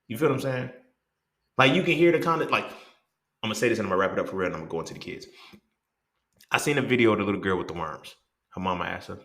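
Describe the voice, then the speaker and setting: This host speaks low, fast, and expressively, with a slightly bright tone and some long pauses. His casual monologue is blunt and full of profanity, and he keeps checking in by asking "you feel what I'm saying?" over a roomy echo.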